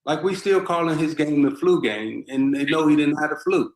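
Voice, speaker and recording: A man's voice: on the high side, normal speed, roomy sound, poor audio. A man talking as a podcast guest, making his point emphatically and insistently. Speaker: podcast guest, former basketball player. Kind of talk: casual podcast talk.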